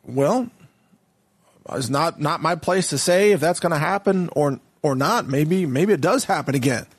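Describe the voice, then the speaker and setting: A man with a somewhat high, husky voice delivers an opinionated monologue on current affairs. He talks casually, with frequent restarts and a mocking edge. The sound is dry and close. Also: expressive, a little slow, dry recording. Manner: opinionated, mocking, mimics others' pronunciation. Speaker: political commentator.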